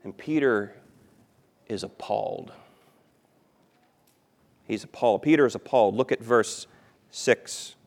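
A man preaching a sermon as pastor, emphatic, repeating key phrases and swinging between loud stress and quiet. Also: mid-range voice, measured pace, pauses often.

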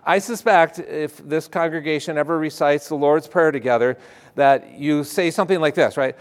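A man preaching a sermon in a slightly higher than usual voice. His delivery is animated, with loud emphatic stretches that drop into quiet, hushed asides. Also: a little slow. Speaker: pastor.

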